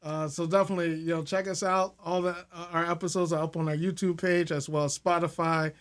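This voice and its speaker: A man's voice: a little high, flat delivery, fast. Earnest, hesitant man plugging his podcast. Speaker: podcast co-host guest. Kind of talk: casual interview chat.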